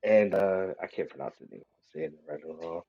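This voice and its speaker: Laid-back, swearing tabletop player, low voice. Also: male voice, brisk, gravelly, dry recording, dull audio, faint music behind. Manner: casual, profane, laughing often. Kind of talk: tabletop game banter and in-character narration.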